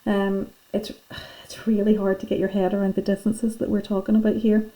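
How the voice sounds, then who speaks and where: Brisk and mellow, with a mid-range voice and flat delivery, a woman teacher walks pupils through their worksheet notes in a classroom lesson. She's patient and chatty, and the recording quality is low.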